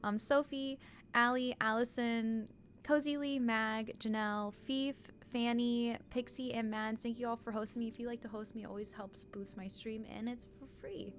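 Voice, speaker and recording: A woman's voice: a little high, fairly even intonation, normal speed. A woman streamer chatting casually on a live stream, bubbly, greeting viewers by name, often laughing and getting emotional.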